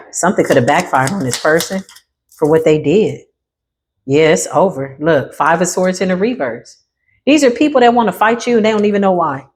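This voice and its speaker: A woman's voice: lively intonation, normal speed, slight background noise. Sassy emphatic woman reading tarot. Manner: sassy and emphatic, repeats lines for effect; swings into high exclamations and asides. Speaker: tarot reader.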